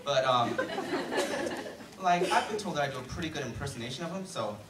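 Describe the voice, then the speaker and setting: This is a late-teen male student's chatty, self-deprecating comedy routine in a school auditorium, heavy on fillers. His mid-range voice is animated and brisk. Captured from far off via a handheld mic on a stand, the echoey hall carries heavy background noise and loud crowd laughter.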